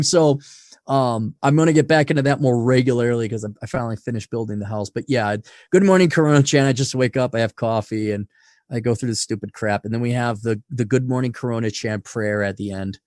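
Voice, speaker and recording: A man being interviewed on a podcast, blunt and profane, swinging from loud rants to low asides. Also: brisk, dry recording, clean studio sound. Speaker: podcast guest.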